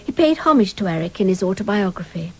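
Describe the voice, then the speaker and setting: A woman presenting a radio documentary in measured, composed scripted narration. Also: mid-range voice, big pitch swings, a little mellow, husky, poor audio.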